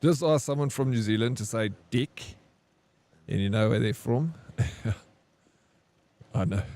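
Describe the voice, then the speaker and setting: His voice is mid-range, mellow and a little slow. A young South African with a local accent, he's live-streaming a game and chatting casually with viewers, frank and quick to laugh.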